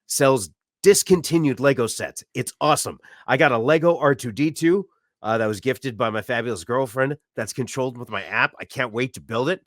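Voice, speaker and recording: A man co-hosting a podcast, telling a story in casual chat and acting out loud shouts along the way. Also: mid-range voice, moderate pace, dry recording, studio quality. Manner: loud, animated storyteller who acts out shouts. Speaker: podcast co-host. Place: apartment room.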